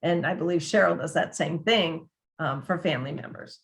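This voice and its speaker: A woman with a deep, creaky voice speaks at a moderate pace in a conversational presentation. Her subject is dementia care, which she writes about, and she keeps restarting sentences and voicing the people she quotes.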